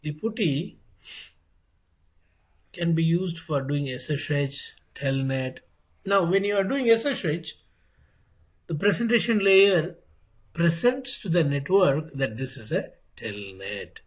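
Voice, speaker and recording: A networking instructor lectures over a laptop call. His voice sits a little high and a bit husky. He talks slowly and deliberately, repeating his points and asking rhetorical questions. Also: animated, poor audio. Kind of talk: online technical lecture.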